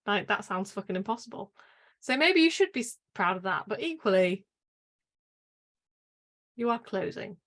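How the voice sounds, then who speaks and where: A woman's voice: medium pitch, expressive, moderate pace, long pauses, a bit bright. Wry, opinionated woman podcaster. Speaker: podcast co-host. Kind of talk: casual chat.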